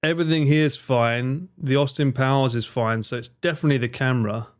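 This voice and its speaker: A man's voice: medium pitch, steady tone, fairly quick, clear, resonant tone. A man streamer giving casual reaction commentary, chatty, laughing and swearing.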